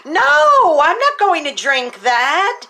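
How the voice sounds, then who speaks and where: A woman's voice: very high-pitched, big pitch swings, slow pace, gravelly, sharp tone, voice pushed up, heavily acted. A woman voicing an alarmed teenage boy who pleads in a panic.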